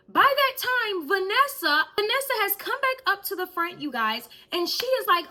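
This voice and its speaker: Bright-voiced young woman telling a story. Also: high voice, brisk. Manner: animated, talks straight to viewers. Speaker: vlogger. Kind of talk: storytime vlog.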